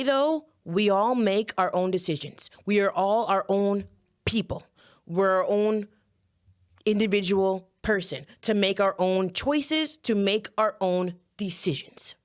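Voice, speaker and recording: Woman, impassioned commentary, holding back tears, earnest, repeats phrases. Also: mid-range voice. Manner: earnest, emotional, addresses viewers directly, repeats phrases.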